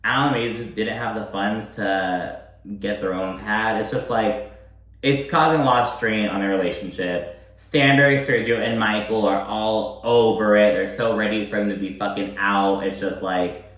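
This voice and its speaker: A man's voice: lowish voice, moderate pace, fairly bright tone. A young man giving a casual, swear-laden recap of a reality show, full of "like" fillers. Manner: chatty, swears freely, many "like" fillers. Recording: very echoey room.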